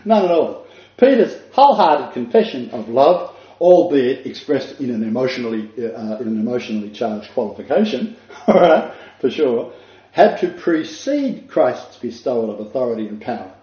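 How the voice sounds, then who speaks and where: A man's voice: mid-range voice, lively intonation, normal speed. An older man preaching a sermon, earnest and emphatic, with asides to his listeners. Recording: dull echoey room recording.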